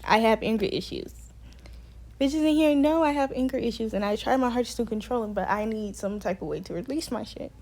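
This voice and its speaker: Young adult woman vlogger, fairly high voice, heated and profane storytelling. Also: brisk, a little mellow. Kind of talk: storytime vlog.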